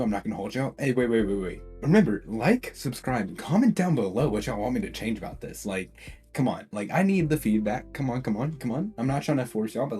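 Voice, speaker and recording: A young man casually narrating a fan-made story, excitable and slangy, full of fillers. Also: lowish voice. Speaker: YouTube storyteller. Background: faint background music.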